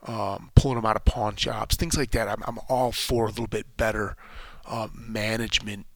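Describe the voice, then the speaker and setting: A man's voice: fairly low pitch, little pitch movement, normal speed, creaky, no echo. A man in a casual spoken monologue, thinking aloud and rambling with frequent restarts.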